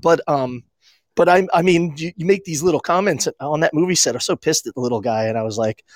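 A man's voice: fairly high pitch, quick pace, no echo, clean studio sound. Rambling male podcast co-host. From Maine. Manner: rambling storyteller, acts out quotes. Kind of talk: casual chat.

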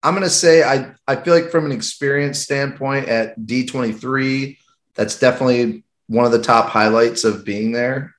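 A man's voice: medium pitch, moderate pace, roomy sound. A man co-hosting a casual chat, with teasing and skeptical remarks. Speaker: podcast co-host.

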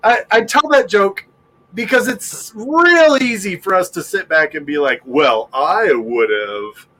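A man co-hosting a podcast, telling jokes in a playful, animated casual chat. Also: sits high, normal speed, poor audio. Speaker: podcast co-host.

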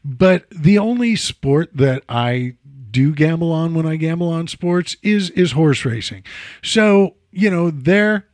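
A man's voice: fairly high pitch, expressive, slow pace, no echo. A man hosting a casual chat, rambling and digressive with many "you know" asides. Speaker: podcast host.

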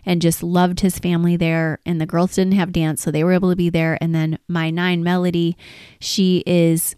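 A woman's voice: fairly low pitch, flat delivery, normal speed, warm tone, clean tone, dry recording, studio quality. A woman in her forties hosting a podcast, talking casually and from the heart, with lots of "like" and quoted asides. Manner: chatty, heartfelt, many likes and quoted asides. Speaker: podcast host. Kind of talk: casual personal monologue.

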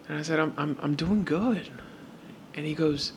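A man co-hosting a podcast, telling a story in a casual, animated way and acting out both sides of the conversation. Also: fairly high pitch, normal speed, long pauses, a little hiss or hum. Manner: animated retelling with repeated "and I'm like". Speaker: podcast co-host.

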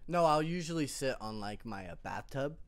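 A man's voice: medium pitch, expressive, moderate pace. A man co-hosting a podcast, teasing and provocative in casual banter. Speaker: podcast co-host.

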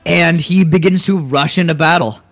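A man narrating a tabletop game as game master, unhurried and hesitant with fillers. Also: on the high side, no echo, soft background music.

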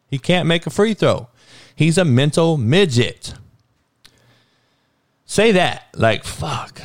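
A man hosting a podcast, delivering a blunt, heated, profanity-laced sports rant that climbs into yelling. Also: mid-range voice, dry recording, clean studio sound. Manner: blunt, heated, swearing, rising to a yell. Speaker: podcast host.

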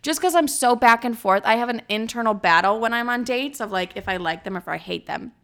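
A young woman telling a dating story in a blunt, profane, animated way. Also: fairly high pitch, a little fast. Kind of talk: casual storytime monologue.

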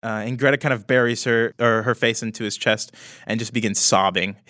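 A man's voice: medium pitch, fairly even intonation, brisk, a bit bright, dry recording, clean studio sound. A man narrating as game master in a tabletop game, often repeating words as he goes.

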